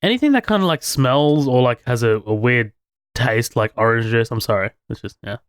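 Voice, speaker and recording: Laughing, swearing man with a smooth voice. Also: medium pitch, lively intonation, normal speed, no room sound, clean studio sound. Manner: swears freely, laughs a lot, rambling. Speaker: podcast co-host. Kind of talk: casual movie discussion.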